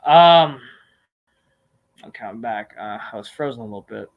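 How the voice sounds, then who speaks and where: A man hosting a live stream, answering viewer questions in a rambling, profane, animated rant with sudden loud outbursts. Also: medium pitch, normal speed, dull audio.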